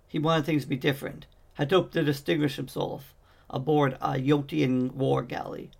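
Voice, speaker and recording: A man's voice: mid-range voice, vocal fry. A man reading a fantasy novel aloud as an amateur audiobook narrator, stumbling and restarting on words now and then. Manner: reads with frequent slips and restarts. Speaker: audiobook reader.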